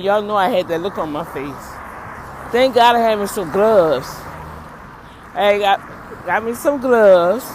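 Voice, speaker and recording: Animated woman vlogging outdoors. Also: mid-range voice, a little hiss or hum. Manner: animated, talks to viewers as "y'all", acts out quotes. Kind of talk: casual storytelling vlog. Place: outdoors by a street, waiting for a bus.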